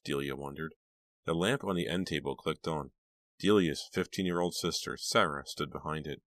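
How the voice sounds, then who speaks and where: Low-voiced man narrating an audiobook. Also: fairly even intonation, moderate pace, bright, forceful tone, no room sound. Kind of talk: scripted narration.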